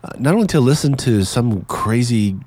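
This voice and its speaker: A man's voice: medium pitch, expressive, normal speed, a little mellow, no echo. A man from Canada hosting his podcast in casual, chatty talk, laughing easily and sounding enthusiastic. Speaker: podcast host.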